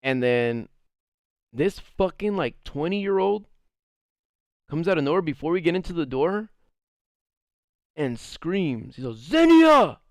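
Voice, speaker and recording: A man's voice: on the high side, expressive, unhurried, long pauses, darkish tone, dry recording, clean studio sound. A man streaming and casually telling a story to his chat, rambling with lots of fillers, cursing and laughing often.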